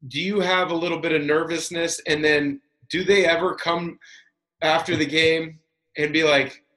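A man's voice: fairly high pitch, steady tone, normal speed, fairly bright tone. A man hosting a casual sports interview, asking long winding questions. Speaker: host.

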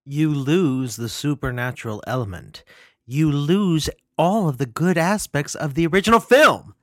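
A man rants about a film in an indignant, emphatic voice, repeating his points for effect. His voice is slightly high and sounds dry and close to the mic. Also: lively intonation, unhurried, no echo. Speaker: film reviewer. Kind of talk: opinionated movie commentary.

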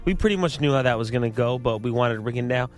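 A man's voice: mid-range voice, animated, fast talker, soft background music. A man co-hosting a boxing podcast in casual chat, listing facts and laughing along.

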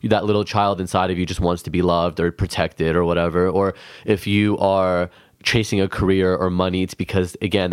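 Man, very low voice, chatty and earnest, from los angeles, podcast guest, dry studio sound. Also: clear, resonant tone, dry recording. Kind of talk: casual podcast conversation.

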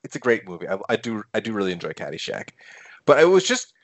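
Man thinking aloud in halting chat. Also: fairly low pitch, big pitch swings. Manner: halting, many restarts and fillers while thinking aloud. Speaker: podcast co-host. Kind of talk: casual movie chat.

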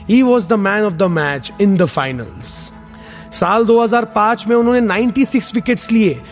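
High, rapid-fire podcast host. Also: male voice. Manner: excited, mixes Hindi and English. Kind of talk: energetic podcast commentary.

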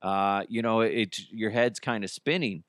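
A man's voice: fairly low pitch, unhurried, a bit bright, no room sound, clean studio sound. A man hosting a casual solo podcast, rambling and cursing freely, with many restarts and broken-off sentences. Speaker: podcast host.

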